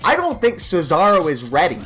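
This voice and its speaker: High-voiced guy hyping up a wrestling video game like an announcer, bright sharp tone, faint music behind. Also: brisk. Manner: excitable, hype announcer delivery. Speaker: gameplay commentator. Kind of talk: mock play-by-play wrestling commentary over gameplay.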